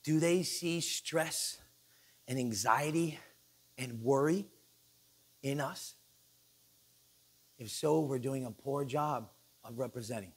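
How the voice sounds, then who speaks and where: A male pastor preaching a sermon in a church, animated and joking, acting out the people he quotes. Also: medium pitch, takes it slowly, pauses often, breathy edge.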